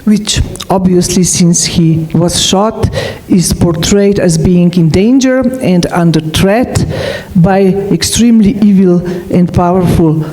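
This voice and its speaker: Woman lecturing, slow and careful, lots of uh's, soft mellow tone. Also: mid-range voice, low-quality recording. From Slovenia. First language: Slovene. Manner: deliberate, with frequent hesitant fillers. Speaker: philosopher giving a lecture. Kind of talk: academic lecture.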